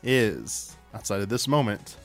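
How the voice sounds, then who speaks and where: A man co-hosting a casual podcast speaks slowly, his pitch swinging widely. His delivery is playful and drawn out, recorded close and dry. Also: big pitch swings, dry recording, soft background music. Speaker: podcast co-host. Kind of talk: casual panel podcast chat.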